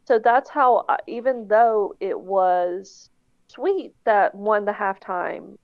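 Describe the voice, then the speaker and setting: A woman co-hosting a podcast in casual chat, explaining things at length in a relaxed, self-deprecating way. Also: mid-range voice, slow pace, phone-quality sound. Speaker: podcast co-host.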